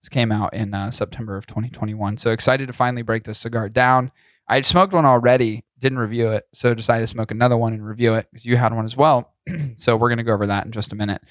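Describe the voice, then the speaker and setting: A man's voice: mid-range voice, quick pace, no room sound, studio quality. A man co-hosting a cigar podcast in loose, profane, jokey chat, coughing now and then. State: coughing, tickle in throat. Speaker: podcast co-host. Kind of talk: casual chat.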